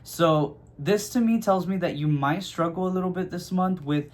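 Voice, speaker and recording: Man, somewhat high voice, casual tarot reading, chatty, lots of fillers. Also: normal speed. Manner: chatty, filler-heavy, checks in with "okay?". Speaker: tarot reader.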